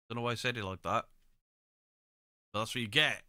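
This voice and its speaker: A man's voice: medium pitch, fairly quick, bright, forceful tone, no echo. A middle-aged man, chatting casually on a live stream, greeting viewers by name and swearing freely. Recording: close mic, dry room.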